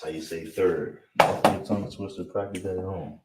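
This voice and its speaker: A man teaching a language class, breaking words into syllables and repeating each one slowly. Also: low voice, steady tone. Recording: distant mic with clear background noise.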